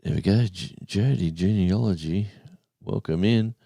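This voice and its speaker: A man hosts a casual live stream, wandering through a long everyday story and stopping to greet people in the chat. His voice is extremely low and dark. The sound is dry and close, with no room echo. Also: a little slow, gravelly. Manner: rambling storyteller, reads chat names aloud, says mate.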